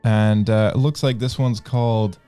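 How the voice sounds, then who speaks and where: Brief: male podcast host, easygoing and halting, warm mid voice. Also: fairly low pitch, steady tone, clean tone, faint music behind. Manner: hesitant, many uh fillers. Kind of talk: casual podcast chat.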